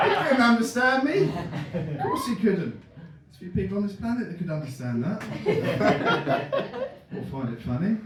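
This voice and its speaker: A man telling a comic story on stage, often laughing at his own jokes and acting out other people's voices. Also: high-pitched. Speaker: stand-up comedian. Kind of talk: stand-up storytelling. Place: comedy club stage. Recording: echoey room from far off, noisy. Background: audience laughter.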